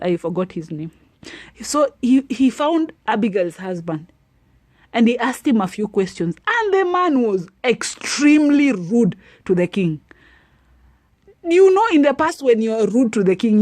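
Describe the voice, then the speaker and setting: A woman giving preachy, animated advice to women and retelling a Bible story. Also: on the high side, no room sound. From Africa. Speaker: advice vlogger. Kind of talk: motivational talk to women.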